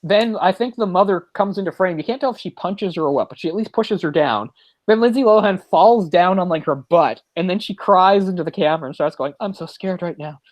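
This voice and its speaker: A man's voice: high-pitched, animated, brisk, no room sound, poor audio. A man co-hosting a podcast, casually retelling a story with mocking impressions. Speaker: podcast co-host. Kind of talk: casual chat.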